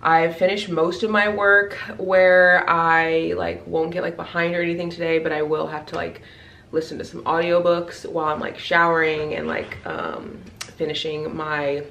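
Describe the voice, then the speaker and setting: A woman in her thirties talks to camera in a relaxed, rambling book-vlog style. Her voice sits slightly low, and she fills her sentences with "like" and "literally" as she goes. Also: moderate pace, creaky, distant mic, a little hiss or hum, rough recording. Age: 30s. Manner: chatty, fillers of "like" and "literally". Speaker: book vlogger. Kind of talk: casual chat to camera.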